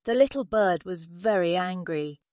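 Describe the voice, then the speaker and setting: A woman's voice: on the low side, lively intonation, darkish tone, dry recording, clean studio sound. A woman narrating a simple graded reader story in a careful, plain way. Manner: slow, careful, simple wording.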